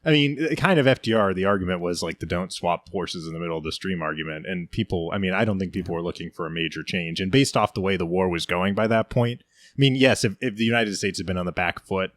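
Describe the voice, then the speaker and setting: A man with a very low voice co-hosts a relaxed history podcast. He talks in loose, rambling runs and corrects himself often. His voice sits close and dry, with no room around it. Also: quick pace, no echo. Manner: rambling, self-correcting, lots of "like" and "I mean". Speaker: podcast co-host. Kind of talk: casual history chat.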